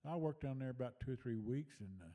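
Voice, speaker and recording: An older man with a drawl tells a memory from his past in a relaxed, rambling way, circling back with fillers and restarts. His voice sits very dark and mellow, at a middling pitch. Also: fast. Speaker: storyteller sharing memories. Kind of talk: casual personal storytelling.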